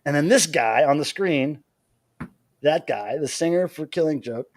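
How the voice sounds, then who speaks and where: An American man hosting a livestream from home, telling a story in an animated, chatty way. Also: on the high side, measured pace, dry recording, clean studio sound. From United States. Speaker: livestream host.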